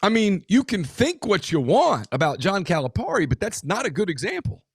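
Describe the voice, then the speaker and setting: A man co-hosting a casual sports talk show, talking in an emphatic way with quick asides and restarts. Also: sits high, wildly swooping pitch, breathy edge, dry recording. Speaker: podcast co-host.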